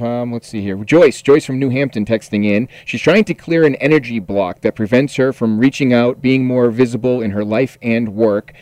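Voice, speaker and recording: A man's voice: mid-range voice, a little mellow, no echo. Casting: upbeat man hosting a radio call-in, mid-range voice, dry close studio mic. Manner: upbeat, announces texts and station plugs. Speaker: radio host.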